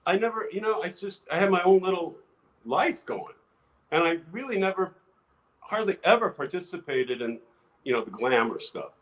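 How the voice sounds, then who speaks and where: An older man, an actor guest, telling lively anecdotes in a casual interview, restarting phrases often. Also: high voice, moderate pace, rough recording. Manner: animated anecdotes with many restarts.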